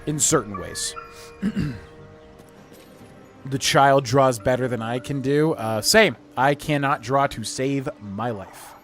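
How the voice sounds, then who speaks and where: A man talks casually while streaming a role-playing game and reads item descriptions and letters aloud. His voice sits at a middling pitch. Faint music plays underneath. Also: slow pace. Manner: relaxed, chatty, reading in-game text aloud. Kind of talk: casual gameplay commentary.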